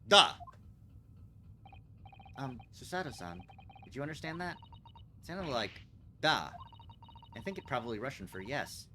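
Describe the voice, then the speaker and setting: A man's voice: mid-range voice, big pitch swings, moderate pace, pauses often, sharp tone, a little hiss or hum. A man streaming a game playthrough, reading the protagonist's lines aloud in a wry, playful way.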